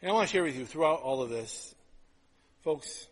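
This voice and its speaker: A middle-aged male pastor delivers a sermon in a lively, storytelling manner. His voice sits a bit high, and he often restarts his phrases. A long reverb trails after him, as in a large sanctuary. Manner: storytelling, animated and conversational, with quick repeated restarts.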